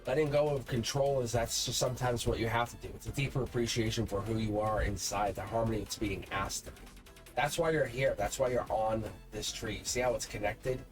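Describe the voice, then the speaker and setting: A man's voice: medium pitch, steady tone, fairly quick, music in the background. A man hosting his own channel, talking loosely through a tarot card's meaning in a meandering, encouraging way. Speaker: tarot reader and channel host. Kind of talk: unscripted tarot lesson to camera.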